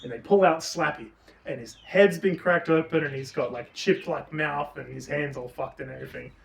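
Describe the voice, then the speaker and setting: A man co-hosting a casual book review chat, retelling the plot with lots of swearing and animated energy. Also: a little high, moderate pace, gravelly. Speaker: podcast co-host. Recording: roomy, distant mic.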